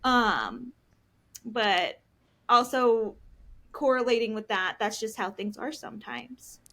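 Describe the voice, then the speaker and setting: Slow and expressive, her voice a little high with a fairly bright tone, a licensed counselor in her thirties explains things earnestly on a podcast where she's a guest. She says "um" frequently.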